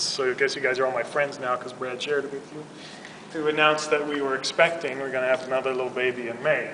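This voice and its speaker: A man's voice: fairly high pitch, background noise. A man, a youth minister, giving a casual, humorous religious talk full of "like" and "you know". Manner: chatty, humorous, filler-heavy. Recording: roomy hall from far off.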